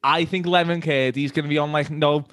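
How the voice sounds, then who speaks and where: A man co-hosting a casual chat, joking and laughing often with quick restarts. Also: fairly high pitch, steady tone, fairly bright tone, no echo, studio quality. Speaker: podcast co-host.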